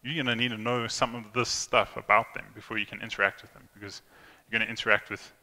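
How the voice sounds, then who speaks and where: Quick-paced and level in tone, a young conference speaker with a low, sharp voice gives a chatty, informal tech talk. He fills it with fillers and restarts and acts out quoted lines, and the hall is reverberant.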